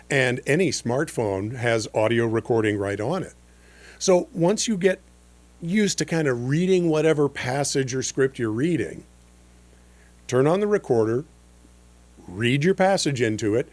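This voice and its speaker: An older man in his sixties hosts a podcast lesson on voice-over work. He talks in a relaxed, conversational way and scatters in fillers as he coaches. His voice sits at an ordinary middle pitch. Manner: easygoing, chatty teaching with frequent fillers.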